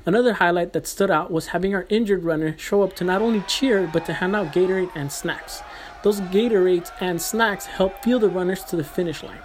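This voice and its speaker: A man, a running coach, reads an earnest recap of a team race in a steady voice. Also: high-pitched, a little fast, a little hiss or hum. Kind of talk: scripted narration.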